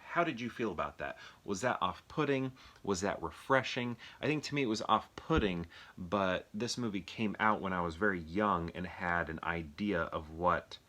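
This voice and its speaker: An American man with a low, bright, forceful voice chats casually by himself in a solo video. He's a movie collector reviewing films, rambling and thinking out loud as he poses questions to his viewers.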